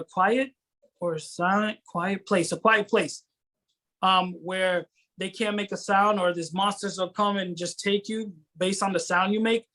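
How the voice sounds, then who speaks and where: A man's voice: high voice, bright, forceful tone. A man from Rhode Island, a guest in a casual interview, talking with enthusiasm and rambling as he searches for words. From Rhode Island, USA. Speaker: guest actor and filmmaker.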